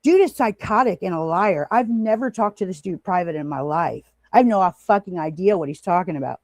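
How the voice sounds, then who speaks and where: Her voice sits on the low side, expressive and fairly quick, with no echo. This American livestream host is furious at a critic, cursing heavily and confronting them, while pausing every so often to say hi to people in chat.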